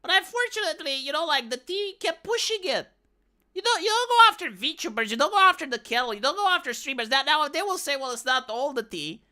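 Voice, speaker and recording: A woman live streamer delivering opinionated commentary, arguing her point in an animated way and repeating words as she builds up. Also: extremely high pitch, quick pace.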